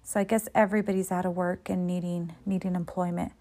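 A woman's voice: fairly low pitch, flat delivery, fast talker, mellow. A woman casually recapping a soap episode in a loose, conversational way, with fillers and frank asides.

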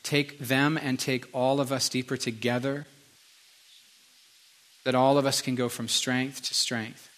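A man's voice: medium pitch, flat delivery, measured pace, long pauses. Fervent man leading prayer in church. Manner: fervent repeated pleading, soft and hushed at times. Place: church sanctuary.

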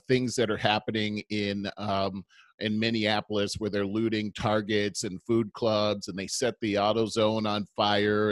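A man's voice: fairly low pitch, dry recording. A man in casual conversation as podcast co-host, telling stories animatedly and acting out quoted voices.

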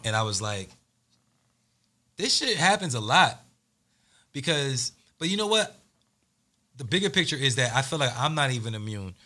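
A man's voice: medium pitch, animated, a little fast, pushed and bright. A man from New Jersey hosting a casual podcast chat, joking and trailing off into mumbles. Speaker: podcast host.

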